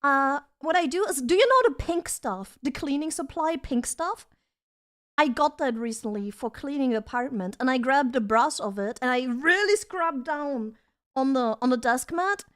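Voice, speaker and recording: Bubbly high-voiced young woman streamer. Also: lively intonation, moderate pace, fairly bright tone. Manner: bubbly, giggly, reads chat aloud. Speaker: vtuber streamer. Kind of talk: casual live-stream chat. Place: home desk setup.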